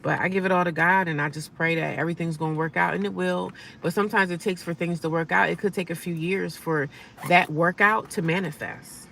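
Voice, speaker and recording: A middle-aged woman talks casually into her phone from her car, upbeat and full of sassy asides. Her voice is gravelly and bright, picked up a little away from the mic with faint noise behind. She sounds chatty and keeps cheering herself on. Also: on the low side, fairly even intonation, brisk, recorded from a distance. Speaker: vlogger living in her car. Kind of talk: casual live-stream chat. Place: inside her parked car.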